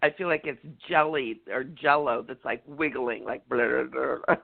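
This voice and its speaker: A man co-hosting a casual radio talk show as a medium, bubbly and excitable, full of likes and you-knows. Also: mid-range voice, a little slow, gravelly. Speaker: co-host and medium. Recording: tinny phone line.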